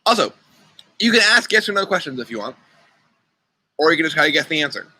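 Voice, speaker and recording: Young male youth leader, casual and chatty, bright voice, computer mic. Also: on the high side, sing-song, quick pace, no echo, low-quality recording. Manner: chatty, playful, talks to kids by name. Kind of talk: casual online riddle game. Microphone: computer mic on a video call.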